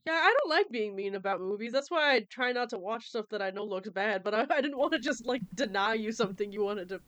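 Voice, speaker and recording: A woman's voice: mid-range voice, animated, fast talker, fairly bright tone, no room sound. Chatty woman with frequent laughs. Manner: chatty, laughs often, swears casually. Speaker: podcast co-host. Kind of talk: casual chat.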